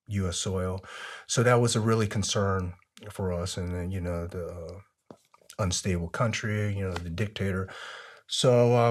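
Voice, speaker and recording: A man being interviewed, telling long relaxed stories with many fillers. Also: on the low side. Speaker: interview guest, former soldier. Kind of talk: conversational interview storytelling.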